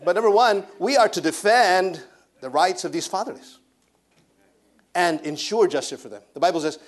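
A man preaching a sermon in a somewhat high voice. He drives his points home with emphatic repetition and breaks into laughter as he goes. He speaks as a missionary pastor addressing a church congregation. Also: brisk. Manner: emphatic preaching, repeating phrases, laughing often.

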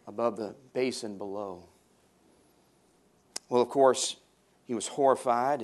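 A pastor preaching a sermon to his congregation, stressing his points and repeating key phrases. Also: mid-range voice.

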